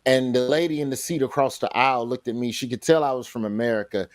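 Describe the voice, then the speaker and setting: A man, a comedian and TV host, telling stories in a casual chat and jumping into quick character voices. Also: mid-range voice, dry recording. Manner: animated storytelling, slips into character voices. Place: remote, in London.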